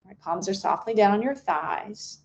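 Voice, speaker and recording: A woman's voice: medium pitch, moderate pace, creaky. A woman leading a guided breathing meditation in an unscripted, soothing way, with occasional fillers and restarts. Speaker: meditation instructor.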